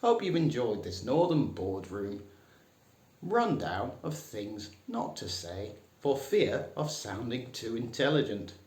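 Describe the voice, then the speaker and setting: A man teaching a comic lesson, dry and mock-serious, putting on higher voices for the phrases he quotes. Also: big pitch swings, slow pace, darkish tone. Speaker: English teacher. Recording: echoey room.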